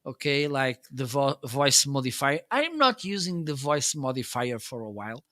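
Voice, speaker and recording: A man's voice: medium pitch, big pitch swings, moderate pace, pushed and bright. A man hosting a casual livestream, demoing his gear and searching for words as he goes. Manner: hums nonsense syllables while testing. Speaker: livestream host.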